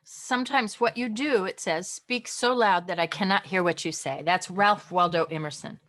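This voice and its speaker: A woman teaching a college communication class online from home, chatty and lively, acting out different tones of voice. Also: medium pitch, moderate pace.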